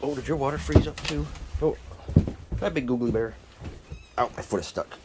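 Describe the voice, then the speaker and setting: A man on a cold morning, chatting to his kittens during chores and swinging between high, sing-song baby talk and a low, plain voice. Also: normal speed, pauses often, heavy background noise. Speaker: vlogger caring for animals. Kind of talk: casual talk to pets while doing morning chores. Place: outdoors or animal shed on a cold morning.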